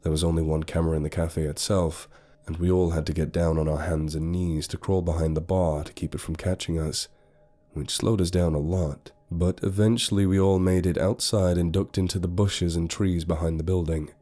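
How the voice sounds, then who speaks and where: Deep-voiced man narrating horror. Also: fairly even intonation, moderate pace, warm tone. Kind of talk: scripted first-person horror narration. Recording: faint music behind.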